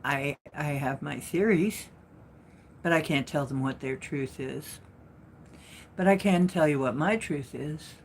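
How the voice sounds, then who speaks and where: Slow, low-voiced woman telling a rambling story. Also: slight background noise. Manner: rambling, with frequent restarts and asides. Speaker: livestream host and spiritual speaker. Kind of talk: casual storytelling to a live chat.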